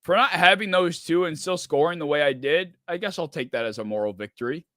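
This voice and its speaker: A man's voice: on the high side, brisk, sharp tone, no room sound, studio quality. A man hosting a live sports reaction stream, rambling and swearing in frustration. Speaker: streamer host.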